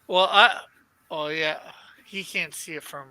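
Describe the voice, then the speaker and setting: A man co-hosting a live stream, talking haltingly in casual chat over a video call. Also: on the high side, steady tone, pushed and bright, poor audio. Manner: halting, restarts often.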